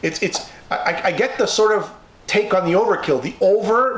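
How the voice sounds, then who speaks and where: A man's voice: high-pitched, animated, normal speed, a bit bright, reverberant. A man from Canada hosting an interview, effusive and gushing with praise. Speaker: interview host. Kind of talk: casual interview.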